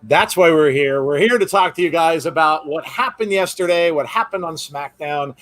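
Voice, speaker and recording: Casting: a male podcast host, talky and rambling, a touch high in pitch, dry close sound. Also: moderate pace, fairly bright tone, no echo. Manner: chatty, rambling greetings to viewers. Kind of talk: casual live-stream chat.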